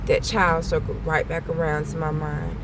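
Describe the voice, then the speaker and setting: A woman's voice: deep voice, flat delivery, normal speed, vocal fry, background noise. A woman vlogger giving a channeled message in casual spoken warnings, blunt and repetitive, swearing freely.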